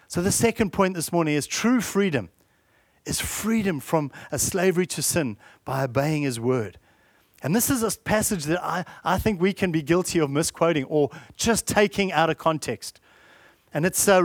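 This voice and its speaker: High-voiced preacher. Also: male voice, dry recording, clean studio sound. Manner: earnest, full of rhetorical questions. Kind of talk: sermon.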